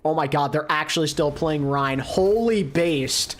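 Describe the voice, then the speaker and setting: A woman co-streaming an esports match, reacting excitedly to big plays with casual internet slang. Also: deep voice, measured pace. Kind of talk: live esports co-stream commentary.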